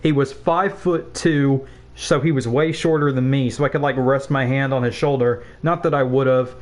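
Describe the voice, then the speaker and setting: A man's voice: mid-range voice, fairly even intonation, moderate pace. A young man of about nineteen, a game streamer, chatting casually and telling a school story while he plays, rambling with swearing and laughing asides. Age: young adult, about 19.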